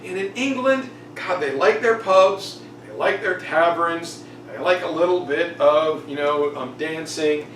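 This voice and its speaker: Male history teacher, high voice, jokey chatty lecture, echoey room, mic at a distance. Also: unhurried, hardly any pauses, a bit bright, a little hiss or hum. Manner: jokey, chatty, acts out quotes. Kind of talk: casual exam review lecture.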